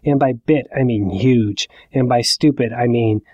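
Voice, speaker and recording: A man's voice: medium pitch, measured pace, darkish tone, no echo, lo-fi sound. Wry self-mocking man in his forties. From Ohio. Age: 40s. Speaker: narrator. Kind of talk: first-person storytelling.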